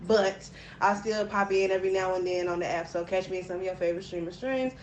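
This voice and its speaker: A woman's voice: mid-range voice, fairly even intonation, quick pace, muffled recording, slight background noise. A woman co-hosting a live-stream talk show, playful and teasing, laughing often with the host. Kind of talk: casual live-stream chat. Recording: roomy echo.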